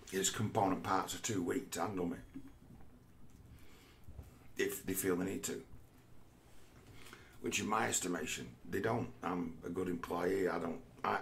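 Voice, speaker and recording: A man giving a rambling personal monologue, halting and repeating words, with the odd curse. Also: sits low, creaky, sharp tone, slight background noise. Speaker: vlogger.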